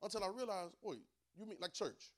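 A man's voice: high-pitched, a little fast, a bit bright. A man preaching a Bible class sermon, emphatic, repeating phrases and calling on listeners to answer back.

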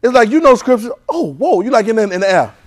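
A man preaching a sermon in call-and-response, swinging from loud urging to soft, hushed lines. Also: very high-pitched, sing-song, a little fast. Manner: swings from loud exhortation to soft near-whispers.

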